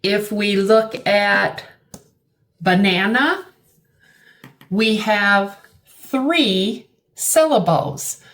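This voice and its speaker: Speaking at a medium pitch, a middle-aged woman works through vocabulary with her learners, going over each word again in a slow, deliberate way.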